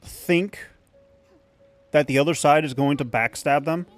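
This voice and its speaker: A man's voice: on the high side, a little slow, faint music behind. A man hosting a let's play, giving casual, rambling, opinionated commentary and swearing casually.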